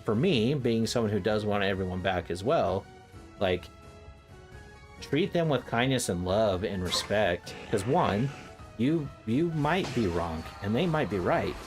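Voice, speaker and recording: Excitable young male streamer who rambles and laughs, music behind. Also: lowish voice, unhurried. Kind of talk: casual chat.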